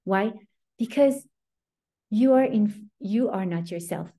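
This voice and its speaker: A woman's voice: mid-range voice, expressive, takes it slowly, dark tone. A woman giving a Torah lesson, earnest and emphatic, often restarting her sentences. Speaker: Torah teacher.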